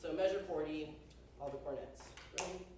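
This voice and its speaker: A man's voice: a little high, normal speed, noisy background. A young man conducting a band rehearsal, chatty and joking as he gives instructions. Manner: chatty, joking, uses y'all. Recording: very echoey hall from far off.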